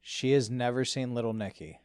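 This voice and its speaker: A man's voice: mid-range voice, moderate pace, clean tone, no echo, studio quality. A young man in casual podcast chat, laughing often and swearing freely.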